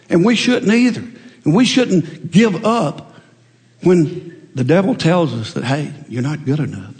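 A middle-aged male preacher giving a folksy, animated sermon full of stories. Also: high-pitched, long reverb tail.

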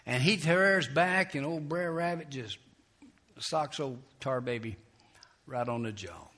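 A male pastor preaching a sermon and leading prayer, telling stories in an animated way that builds to loud, emphatic peaks. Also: medium pitch, unhurried.

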